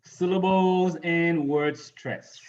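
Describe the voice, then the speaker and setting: Guy teaching english on a video call, kinda high voice, muffled lo-fi sound, says you know a lot. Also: steady tone, takes it slowly. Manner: casual, repeats "you know" and "right?". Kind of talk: online class teaching.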